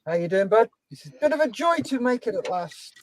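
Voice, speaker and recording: A man hosting a relaxed livestream, chatting and reading out viewers' names. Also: high-pitched, fairly quick, dry recording. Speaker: livestream host. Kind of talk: casual chat on a modelling stream.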